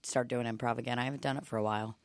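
A woman's voice: a bass voice, steady tone, rapid-fire, dry recording, clean studio sound. A woman co-hosting a comedy podcast, with wry, offhand, profane banter.

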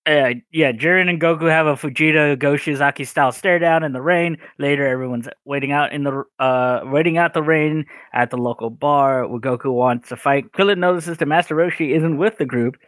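A man's voice: fairly high pitch, a little fast, few pauses, fairly bright tone, no echo, clean studio sound. A man co-hosting a podcast, recapping an episode casually with hesitant, stammering starts. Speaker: podcast co-host.

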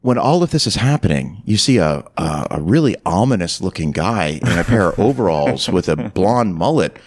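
A man co-hosting a podcast, chatting casually about a film and slipping into quick character voices as he retells scenes. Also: low-pitched, very animated. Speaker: podcast co-host. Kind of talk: casual movie review chat.

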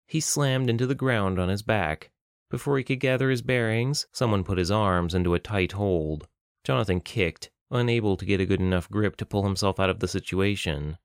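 A man narrating a fantasy audiobook in an even, steady storytelling manner. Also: lowish voice, no echo, clean studio sound. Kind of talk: scripted narration.

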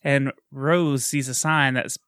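A man casually retelling a film plot in chat, animated and quick to laugh. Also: medium pitch, dry recording, clean studio sound. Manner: animated storytelling, laughs often. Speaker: podcast co-host recapping a film.

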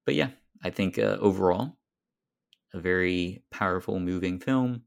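A man's voice: deep voice, a little slow, creaky. A man co-hosting a podcast, talking through a film in a thoughtful, hesitant way with frequent fillers. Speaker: podcast co-host. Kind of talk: casual film discussion.

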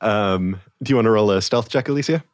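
A man's voice: on the low side, fairly quick, no echo, clean studio sound. A man running a tabletop game as game master, easygoing and hesitant, often laughing.

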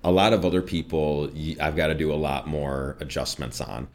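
A man with a slight Midwestern accent and an extremely low, deep voice tells stories in a relaxed interview. He is animated and laughs easily, jumping up in pitch whenever he quotes someone. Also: moderate pace. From US Midwest, Chicago northwest suburbs. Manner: animated storyteller, jumps high for quoted voices, laughs often. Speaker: voice actor and coach. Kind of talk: casual interview chat.

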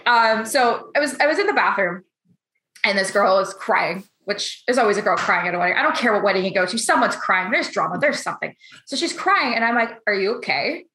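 A woman's voice: mid-range voice, animated, brisk, bright, forceful tone. A blunt, candid woman in casual conversation, hungover, who swears freely and acts out what other people said. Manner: acts out others' lines in quoted voices. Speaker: roundtable guest. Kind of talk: casual chat. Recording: roomy echo.

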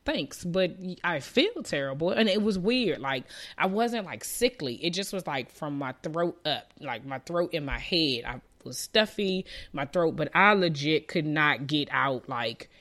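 A woman's voice: sits low, expressive, unhurried, few pauses, fairly bright tone. Chatty woman vlogging outdoors in wind. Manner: chatty and rambling, many likes and restarts. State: recovering from a lost voice. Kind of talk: casual chat to camera. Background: wind noise.

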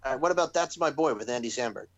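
Animated, lively-voiced male podcast co-host. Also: mid-range voice, racing, no echo, lo-fi sound. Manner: animated, swears freely, breaks into laughter. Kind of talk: casual chat.

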